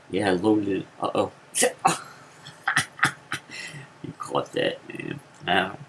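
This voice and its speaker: A man telling a rambling story in a casual vlog, with many fillers and sudden jumps into high acted quotes. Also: gravelly, a little hiss or hum, rough recording. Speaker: vlogger.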